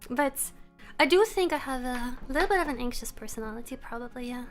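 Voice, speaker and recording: A woman streamer chatting casually with her viewers. She is relaxed and laughs often. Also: high-pitched, a little fast, soft background music. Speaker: live streamer. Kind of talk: casual live-stream chat. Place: room at home.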